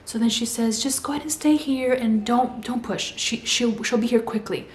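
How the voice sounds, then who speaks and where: A woman's voice: a little high, normal speed, hardly any pauses. A young adult woman telling a story in a casual way and acting out the voices she quotes. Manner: animated, acts out quoted voices. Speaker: vlogger. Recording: echoey room with faint hum.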